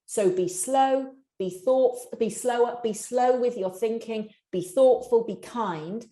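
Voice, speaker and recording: A woman giving a long, practical answer on workplace mental health during a live session. She talks fast, restarts sentences often and speaks straight to her audience. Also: on the high side, mellow, roomy sound. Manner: fast-talking, with many restarts. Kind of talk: live webinar answer to a question.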